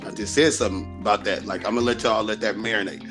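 A man's voice: fairly low pitch, fairly even intonation, fast, over music. A man in his forties, a basketball coach hosting a casual chat, telling stories animatedly and laughing often. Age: 40s.

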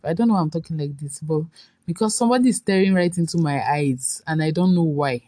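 A woman's voice: fairly low pitch, moderate pace, dark tone, no room sound. A young woman hosting a casual morning talk show, chatty and teasing, explaining things to her listeners. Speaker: host.

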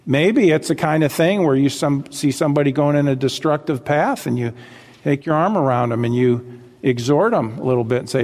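A man's voice: on the high side, brisk, a little mellow. A man preaching a sermon to his congregation, exhorting them directly and often calling out "listen" and "folks". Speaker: pastor. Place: church sanctuary with congregation. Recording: long hall reverb.

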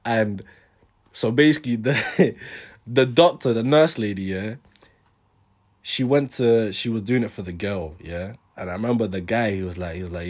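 A man's voice: lowish voice, normal speed. Slangy young man telling a story. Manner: animated, slangy, laughing storyteller. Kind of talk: casual storytelling to camera.

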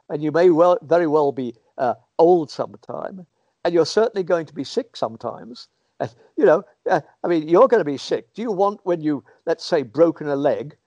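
A man's voice: on the high side, warm tone, no echo, dull audio. A man answering interview questions in a thoughtful, rambling way, often acting out what people might say, heard over a remote call microphone. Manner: thoughtful, rambling, acts out quoted speech.

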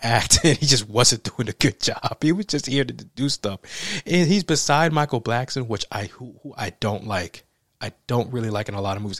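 A man tears into a movie in a loose, profane rant. He sounds exasperated and breaks into laughter often. His voice sits at a medium pitch and is recorded close and dry, with no room sound. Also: dry recording. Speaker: movie reviewer. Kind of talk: casual film review rant.

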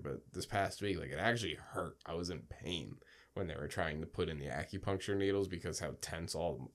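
Swearing young man in casual podcast chat. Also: deep voice. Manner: swearing, animated storytelling, mock outrage. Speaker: podcast co-host.

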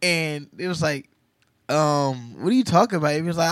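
A young man co-hosting a podcast, telling a story in casual chat and acting out the quotes loudly. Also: a little high, lively intonation, a little fast, dry recording, studio quality. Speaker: podcast co-host.

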